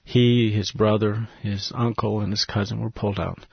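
A man, a missionary guest in an interview, telling an earnest, emotional story and dropping to a hushed voice at tender moments. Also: fairly low pitch, flat delivery, moderate pace, gravelly, slightly rough, no room sound, dull audio.

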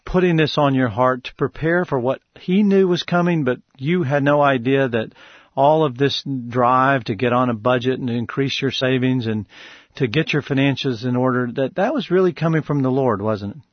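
A man's voice: mid-range voice, normal speed, no room sound. A man hosts a faith radio interview, asking earnest and encouraging questions. His voice sounds slightly dull and lo-fi. The sound is dry. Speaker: radio host.

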